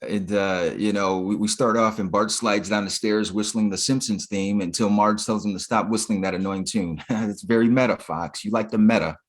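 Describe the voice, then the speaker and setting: Low-voiced, laid-back male podcast co-host. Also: steady tone, normal speed, few pauses. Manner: laid-back, profane, filler-heavy recapping. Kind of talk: casual chat.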